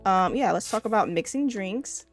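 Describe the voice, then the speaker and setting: A woman's voice: mid-range voice, lively intonation, normal speed, soft background music. A young woman giving casual gameplay commentary, chatty and laughing often as she talks to her viewers. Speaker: gaming video creator.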